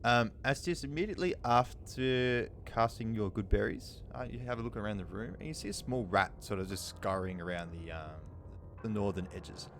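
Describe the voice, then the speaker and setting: A man narrating as dungeon master in a tabletop game, describing scenes in an unhurried way with frequent ums. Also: on the low side, noisy background.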